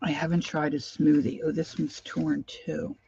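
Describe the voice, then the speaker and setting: A woman's voice: low-pitched, little pitch movement, a little slow, vocal fry, mellow, lo-fi sound, a little hiss or hum. An older woman hosting a crafting livestream, chatting casually and greeting viewers by name as she works.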